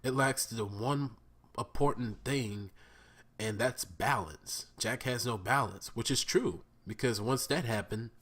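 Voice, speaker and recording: A man talks through a cartoon episode he just watched, unhurried and loose, swearing freely and circling back with fillers. His voice sits a bit low but rings bright and forward. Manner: profane, bursts into laughing squeals when excited; rambling with many fillers and restarts. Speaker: vlogger reviewing a cartoon episode. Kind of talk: casual excited review.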